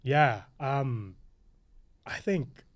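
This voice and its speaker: A man in his thirties from Uganda with a Ugandan accent, a podcast guest recounting memories in a lively storytelling manner. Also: mid-range voice, very slow. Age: 30s. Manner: animated storytelling, quoting his younger self. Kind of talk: podcast interview.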